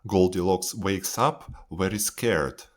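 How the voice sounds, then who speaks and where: A man reading a children's storybook aloud in a clear, expressive manner. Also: low voice, slow.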